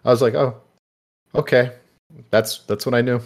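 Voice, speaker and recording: A man's voice: medium pitch, flat delivery, quick pace. A young man, a father, speaking as a podcast guest in a laid-back, matter-of-fact casual chat.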